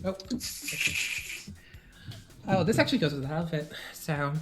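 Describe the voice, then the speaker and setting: A woman casually chatting on a live stream, giggling often and teasing, sometimes slipping into a low sultry villain tone. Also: animated, measured pace, loud music behind the voice. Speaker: streamer co-host.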